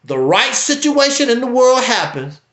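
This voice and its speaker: High, emphatic man preaching on a livestream. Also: very animated, normal speed, a bit bright, echoey room. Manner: preachy, emphatic, wide swings in pitch. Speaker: livestream host. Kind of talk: casual commentary.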